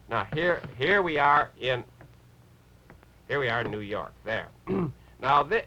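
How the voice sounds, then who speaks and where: A man voicing a bumbling male rabbit puppet who gives a lecture, halting and clearing his throat. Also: medium pitch, sing-song, pushed and bright, dull audio, exaggerated voice. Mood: flustered. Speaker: puppet character on a TV show.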